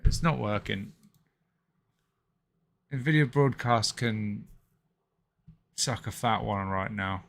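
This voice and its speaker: A man's voice: lowish voice, takes it slowly, creaky, pauses often. A man hosting a live stream, chatting casually with viewers, muttering and swearing to himself and then apologizing. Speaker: livestream host.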